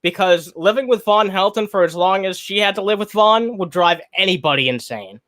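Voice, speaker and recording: A man with a fairly high voice talks on a live stream. He rants in a blunt, profane way, reacts to a video and shouts out to people in his chat. At times he talks while chewing. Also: lively intonation, a little fast. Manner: profane, blunt and ranting, greets chat viewers. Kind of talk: casual live-stream commentary.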